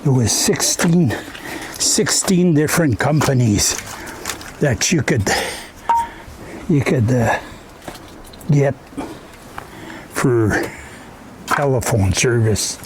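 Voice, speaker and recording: A Canadian man talks in a very slow, meandering, folksy way while stacking firewood in his woodshed, often ending a thought with "eh?". His voice sits at an ordinary middle pitch. Clear background noise and clicks run under the talk. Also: animated. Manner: rambling, folksy, ends phrases with "eh?". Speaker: vlogger.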